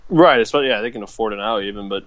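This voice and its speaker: A man in casual chat, jokey and swearing, now and then mocking others in high silly voices. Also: fast talker, fairly bright tone, no room sound. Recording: dull lo-fi dry recording.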